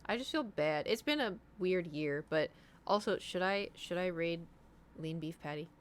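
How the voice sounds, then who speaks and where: A woman's voice: fairly low pitch, animated, normal speed, clear, resonant tone. A young woman streaming, chatting casually with her viewers, rambling and self-deprecating, trailing off mid-thought.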